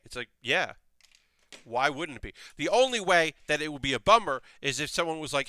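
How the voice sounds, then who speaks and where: A young man rambling casually while building a model kit on a live stream, with animated asides. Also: fairly high pitch, fairly quick, no room sound.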